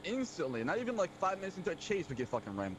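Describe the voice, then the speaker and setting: A man quickly calling out directions in role-play, often repeating his words. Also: high-pitched, sing-song. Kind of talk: crime role-play, navigating. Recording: audible background noise.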